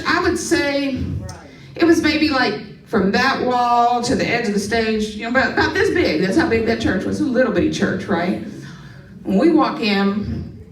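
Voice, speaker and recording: A woman performing a stand-up comedy set on a club stage, telling stories with lively asides to the crowd. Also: fairly high pitch. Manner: animated storytelling with playful asides to the crowd. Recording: roomy club sound from a distance.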